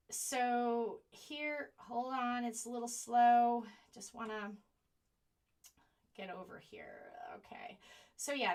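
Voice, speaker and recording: A woman hosting a live-streamed commentary show. She is indignant at times and keeps apologizing while she fumbles with her computer. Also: mid-range voice. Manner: animated, indignant. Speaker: online show host.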